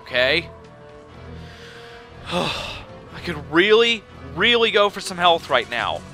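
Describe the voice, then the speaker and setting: A young man giving excitable, panicky commentary while playing a shooter game. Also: sits high, slow, soft background music. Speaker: let's play gamer. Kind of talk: casual gameplay commentary.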